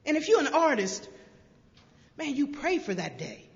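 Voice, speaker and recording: A woman from South Carolina telling her recovery story to a crowd, a lively storyteller who acts out voices with humor. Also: high voice, moderate pace, vocal fry. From Greenville, South Carolina. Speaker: recovery speaker. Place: large convention hall. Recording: dull lo-fi convention hall recording with long reverb.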